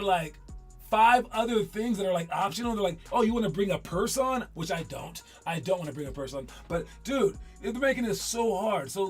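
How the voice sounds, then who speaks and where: A basketball coach, a man with a somewhat high voice, talks loosely to his players. He is animated and joking and often doubles back on his own words. Faint music plays underneath. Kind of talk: casual talk to his players.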